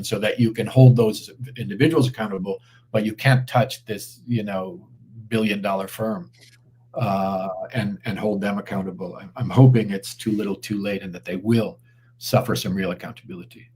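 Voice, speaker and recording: Measured low-voiced man with many fillers. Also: fairly even intonation, darkish tone, slight background noise. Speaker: guest commentator. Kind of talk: live online interview.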